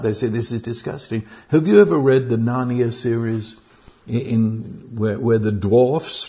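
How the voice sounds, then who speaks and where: A man preaching a sermon, slow and earnest, often repeating words as he restarts, rising to fervent outbursts. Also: mid-range voice, a little mellow.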